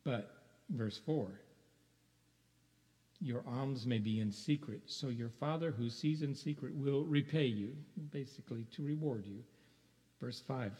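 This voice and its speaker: Pastor preaching in a reverberant hall. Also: male voice, mid-range voice, a little slow, mellow. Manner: conversational preaching, rhetorical questions, chuckles. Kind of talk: sermon. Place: church sanctuary.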